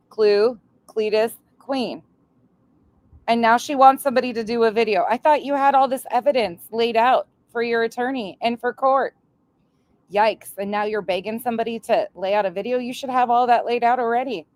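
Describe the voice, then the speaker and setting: A woman's voice: on the high side, moderate pace, no echo. A woman hosting reaction commentary, answering clips in a sarcastic, cutting way. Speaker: commentary host.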